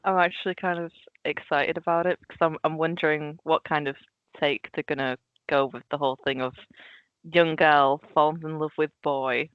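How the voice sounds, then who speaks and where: Dutch-accented male co-host, high and lively, giggly, slightly dull sound. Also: moderate pace, smooth, no room sound. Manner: animated and giggly, acts out quotes. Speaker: podcast co-host. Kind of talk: casual film podcast chat.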